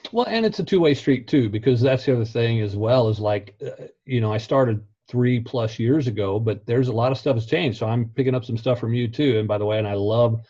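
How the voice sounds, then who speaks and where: A man's voice: medium pitch, a little fast, warm tone, no echo. A laid-back man, a guest on a podcast interview, chatting casually and laughing often. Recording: dull, muffled recording.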